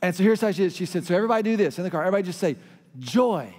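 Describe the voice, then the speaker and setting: A man's voice: sits high, very fast, darkish tone. A middle-aged man, preaching a sermon as pastor and telling stories that lead into crowd call-and-response. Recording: hall reverb.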